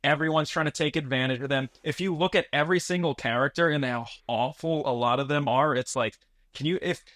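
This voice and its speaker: A man's voice: fairly high pitch, brisk, fairly bright tone, dry recording. Earnest rambling man, dry close sound. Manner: earnest, rambling, restarts often, profane. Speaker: podcast co-host. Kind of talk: casual movie review chat.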